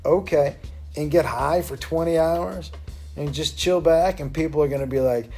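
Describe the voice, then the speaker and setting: A man's voice: fairly high pitch, normal speed, darkish tone, soft background music. Crude, rambling male comedy host. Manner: crude, rambling, laughs often. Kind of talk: loose stand-up storytelling.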